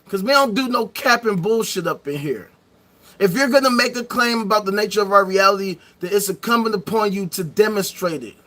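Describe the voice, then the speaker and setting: Brief: male live-stream host, high bright voice, profane mocking rant with bursts of shouting. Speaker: streamer hosting a live debate show.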